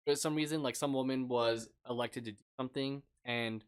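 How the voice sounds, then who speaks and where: A young man co-hosting a casual podcast, retelling stories in an animated way and laughing often. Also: medium pitch, fairly quick. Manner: animated storyteller, laughs a lot. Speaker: podcast co-host. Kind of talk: casual chat.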